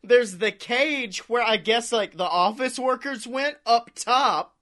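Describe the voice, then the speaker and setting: A man with a high, bright, sharp voice tells a rambling story on a podcast. He swears freely, laughs a lot and acts out what people said to him. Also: slow pace. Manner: rambling, profane, laughs often, acts out quotes. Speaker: podcast co-host. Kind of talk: casual storytelling chat.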